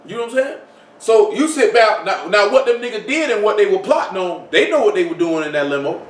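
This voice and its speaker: A man's voice: sits high, expressive, fairly quick, a little hiss or hum. A man preaching an informal sermon, talking conversationally with many rhetorical questions and repeated phrases. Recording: echoey room, mic far off.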